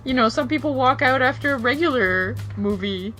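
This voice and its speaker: Brief: female podcast co-host, fairly high voice, reads mail, music faintly behind. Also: lively intonation, normal speed, a bit bright. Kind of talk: casual chat and reading listener mail.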